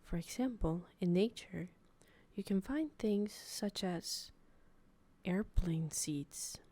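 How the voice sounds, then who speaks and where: A woman putting on a hushed, mock-serious nature documentary narrator, mostly whispering, in a whispered role-play. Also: lowish voice, animated, slow pace. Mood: hushed solemn.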